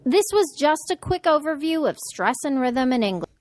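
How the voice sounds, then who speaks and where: A woman presenting a scripted English pronunciation lesson, speaking clearly and deliberately and modeling sample words. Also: high voice, very animated, a little mellow, no room sound.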